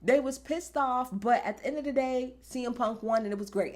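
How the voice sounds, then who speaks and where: A woman's voice: high-pitched, brisk, hardly any pauses, a little mellow. A woman reviewing a wrestling show in a casual, emphatic vlog, swearing freely and talking animatedly.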